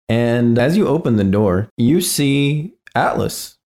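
A man narrating as game master of a tabletop game in a relaxed, easygoing way. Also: mid-range voice, slow pace, hardly any pauses.

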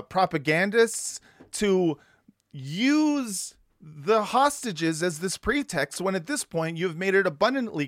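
Higher-pitched, slow-talking man on a podcast. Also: a bit bright, dry recording, clean studio sound. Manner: profane, laughs often. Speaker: podcast host. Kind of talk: casual podcast chat.

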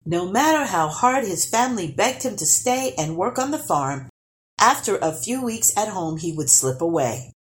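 A woman reading a children's storybook aloud, expressive and lively. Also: mid-range voice, normal speed. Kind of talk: storybook read-aloud narration.

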